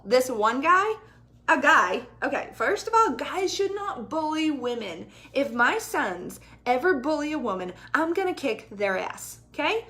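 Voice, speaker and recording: A woman's voice: high-pitched, fairly bright tone. A woman in her thirties, a fitness coach, chatting casually and animatedly to her viewers and swearing freely. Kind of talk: casual livestream chat. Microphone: ring light and camera close up.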